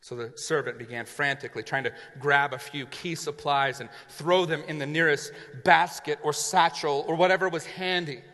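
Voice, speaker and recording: A man's voice: fairly high pitch, pushed and bright. A male pastor preaching a sermon, retelling a story vividly and acting out the characters. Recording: long reverb in a large hall.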